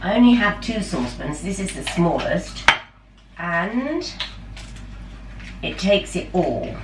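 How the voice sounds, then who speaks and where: A middle-aged vlogger talks excitedly about her home cooking, chatty and quick to poke fun at herself. She speaks slowly in a fairly low voice that swings widely in pitch. Recorded in her kitchen, the audio is roomy and distant with a faint background hum.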